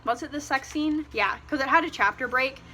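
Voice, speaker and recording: Young woman ranting about a book, fairly high voice, sarcastic, swears a lot. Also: fairly quick, pushed and bright, a little hiss or hum. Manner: exasperated, sarcastic, swears freely. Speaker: book reviewer. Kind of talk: ranting casual book review.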